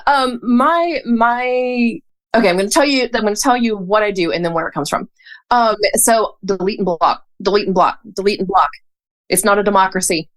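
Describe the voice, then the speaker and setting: Guest, female, Southern US accent, calm and thoughtful, dry wit, casual chat. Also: medium pitch. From North Carolina, US. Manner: measured and thoughtful, with a dry humor. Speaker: podcast guest, photographer.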